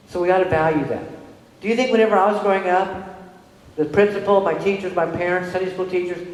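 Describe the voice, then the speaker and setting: A middle-aged woman and parent giving a conference presentation to an audience, telling stories conversationally and checking in with the room. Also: on the low side. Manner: animated storytelling with quick restarts. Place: large hall with an audience. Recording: very echoey hall with long reverb.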